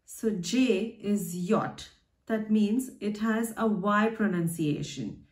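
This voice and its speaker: A woman's voice: mid-range voice, slow, darkish tone. A woman who hosts her own channel, patiently teaching how to pronounce letters and explaining them with everyday examples. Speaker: language teacher and channel host. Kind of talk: slow, careful teaching of pronunciation. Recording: echoey room.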